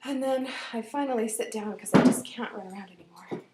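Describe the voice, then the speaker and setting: A woman telling a personal story aloud in an animated way, dropping to whispers and rising to loud outbursts. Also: a little high, fairly quick, roomy sound.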